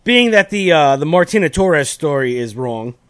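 A man's voice: a little high, big pitch swings, moderate pace, a bit bright, dry recording. A man co-hosting a casual, crude comedy chat, giggling and rambling with repeated catchphrases. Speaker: podcast co-host.

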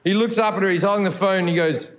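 A man's voice: high-pitched, racing. A male stand-up comedian telling dry, provocative jokes on stage. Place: comedy venue. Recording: echoey room with live crowd.

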